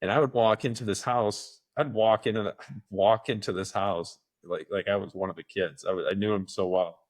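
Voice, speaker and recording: Low-voiced middle-aged man telling stories. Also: steady tone, brisk. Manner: rambling storyteller who acts out quoted voices. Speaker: podcast co-host. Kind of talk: casual chat.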